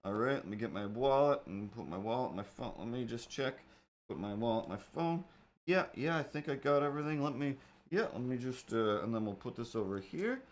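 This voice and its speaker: A man's voice: medium pitch, expressive, brisk, lightly acted. A man doing a mumbling young guy stalling in his car. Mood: muttering. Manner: quiet, mumbling to himself.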